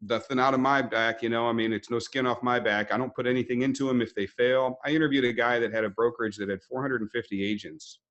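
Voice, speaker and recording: A man's voice: mid-range voice, steady tone, fast talker, few pauses, fairly bright tone, lo-fi sound. A man hosting a webinar interview, explaining in a conversational way with acted-out quotes.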